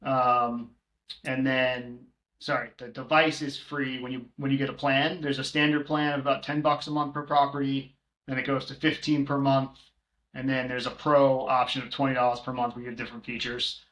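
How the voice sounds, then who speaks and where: With a medium-pitched, fairly bright voice that moves little in pitch, a co-host who manages short-term rentals speaks at normal speed on a podcast, casually going over tools and prices with lots of ums. There's a roomy echo.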